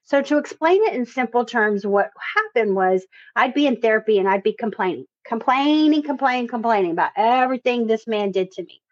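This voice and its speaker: A woman's voice: a little high, animated, a little fast, few pauses, no room sound, dull audio. A woman guest in a casual interview, speaking earnestly and repeating key phrases for emphasis. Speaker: guest, fitness trainer.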